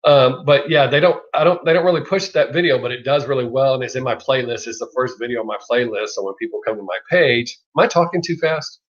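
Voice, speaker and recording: A man's voice: medium pitch, fast, few pauses. Rambling Southern man on a livestream. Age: middle-aged. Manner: rambling, swears freely, laughs often. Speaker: livestream host. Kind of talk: casual live chat. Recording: lo-fi dull sound.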